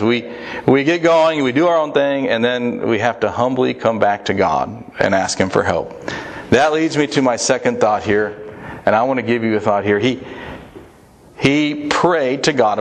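A man preaching a sermon in a conversational way, with emphatic rises in pitch and a pace that speeds up and slows down. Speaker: pastor.

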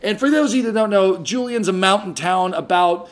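A man with a fairly high voice tells a story on a casual podcast. He is animated, jumps into the voices of the people in the story, and trips over his words as he goes. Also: a little fast. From San Diego area. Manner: animated, acts out quoted voices, frequent restarts. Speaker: podcast host.

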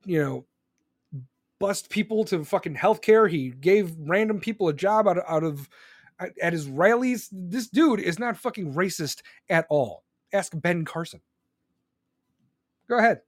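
A man with a high voice rants in anger, swearing constantly and dripping with sarcasm. The sound is dry and close, with no room echo. He sounds worked up and seething throughout. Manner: profane, heated, sarcastic. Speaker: streamer ranting. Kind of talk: angry political rant.

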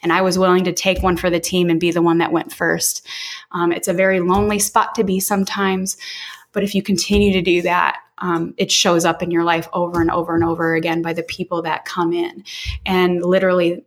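A woman's voice: lowish voice, level tone, fairly quick. A woman in her forties from Illinois, telling her own story as an interview guest in a frank, casual way with some mild swearing. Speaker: podcast guest. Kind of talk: candid personal storytelling.

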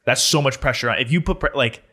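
A man's voice: mid-range voice, fast talker, pushed and bright. A young man co-hosting a casual podcast, talking loosely and swearing, with lots of "like". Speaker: podcast co-host.

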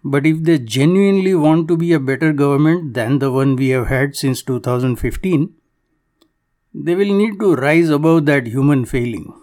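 A man from Canada delivering a formal, measured political commentary monologue with a dry, wry edge. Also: fairly high pitch, a little mellow.

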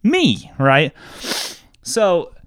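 A man's voice: a little high, wildly swooping pitch, extremely slow, no echo, clean studio sound. A man co-hosting a casual chat show, ranting with lots of profanity and mocking the people he quotes. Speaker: podcast co-host.

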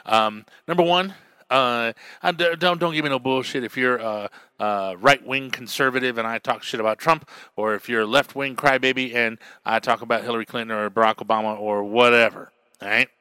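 A man from New Mexico who works as a radio DJ and comic, hosting his own podcast in a loud, profane, beer-drinking monologue. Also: mid-range voice, steady tone, brisk, clear, resonant tone, no echo. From Albuquerque, New Mexico. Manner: loud, swearing, drinking beer while talking.

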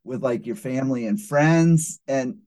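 A man's voice: medium pitch, unhurried, mellow. A man hosting a podcast interview, chatting casually, joking and laughing readily. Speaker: podcast host.

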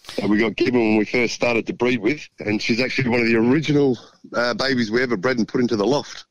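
An Australian man from South Australia, a pigeon racer who won a race, calling in to a radio show and telling his story with excited, chatty energy. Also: mid-range voice, fast, lo-fi sound. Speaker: winning pigeon racer, phone guest.

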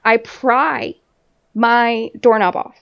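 A woman podcast host tells a story in casual chat, laughing often and swearing freely as she rambles through fillers. Her voice sits a little high and comes through dull, lo-fi audio. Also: fairly even intonation, drawn-out words, vocal fry. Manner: laughs often while telling.

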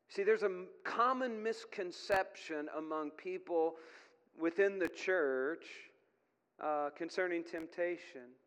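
A middle-aged male pastor delivers a sermon in a high, bright voice, slow yet animated, earnest and plain-spoken with folksy asides. The church hall gives his words a long, echoing reverb.

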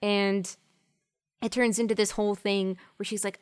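Woman co-host recapping with lively quotes. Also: a little slow, clear, resonant tone. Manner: lively, jumps high when quoting. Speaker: podcast co-host. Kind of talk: casual episode recap.

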